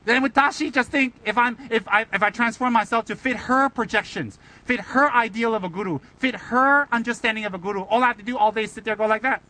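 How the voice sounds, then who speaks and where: High, bright-voiced playful Buddhist teacher. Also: male voice, brisk, rough recording. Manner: playful, teasing, rhetorical questions. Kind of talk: Dharma talk.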